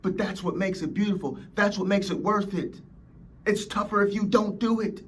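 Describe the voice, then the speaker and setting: A man's voice: sits high, steady tone, normal speed. A man hosting a motivational podcast, preaching emphatically and acting out whiny complainers. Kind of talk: motivational talk.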